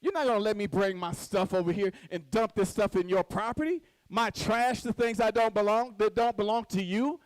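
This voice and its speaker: A woman's voice: medium pitch, moderate pace, few pauses, a little mellow, no room sound, rough recording. A woman giving a motivational speech from a podium at a conference, acting out little scenes and quizzing the audience. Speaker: conference speaker. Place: stage at a podium.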